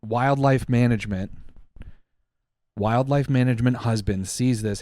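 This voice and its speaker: Loud, profane young man telling a theory. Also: medium pitch, normal speed, no room sound. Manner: animated, profane, mock-conspiratorial storytelling. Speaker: podcast co-host. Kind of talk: casual comedic chat.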